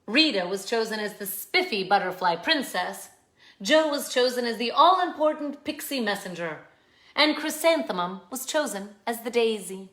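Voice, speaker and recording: A woman's voice: on the high side, expressive, normal speed, fairly bright tone. A woman hosting a children's read-aloud, reading a picture book expressively and chatting with viewers between pages. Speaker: children's book reader, channel host. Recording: echoey room.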